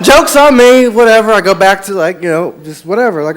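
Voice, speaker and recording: A man's voice: sits high, sing-song, fairly quick, fairly bright tone. A man doing stand-up, telling a rambling bar story that repeats itself and breaks into his own laughter. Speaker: stand-up comedian.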